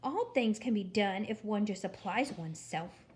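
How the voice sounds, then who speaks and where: A woman voicing a stern, prim older woman who hates frivolity, in crisp, clipped, indignant tones. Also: medium pitch, lively intonation, normal speed, a little mellow, lightly acted.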